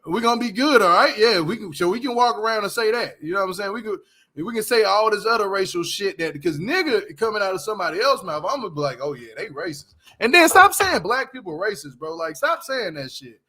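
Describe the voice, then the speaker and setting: A man's voice: high voice, animated, fast talker, sharp tone. A man hosting a casual commentary show, ranting bluntly and with a lot of swearing while speaking straight to his viewers. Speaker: commentary channel host.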